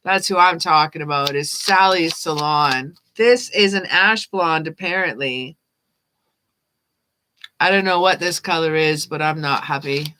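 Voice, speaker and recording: A woman's voice: low voice, unhurried, pushed and bright, smooth. A woman giving live-stream tarot readings, chatting casually with viewers, thanking them by name and laughing often. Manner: chatty, reads chat names aloud, laughs often. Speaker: tarot reader.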